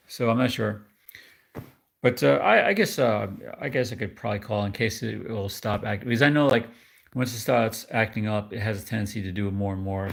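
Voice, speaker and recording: A man's voice: medium pitch, gravelly. A man from New York rambling in casual chat with viewers on his live stream, often laughing at himself.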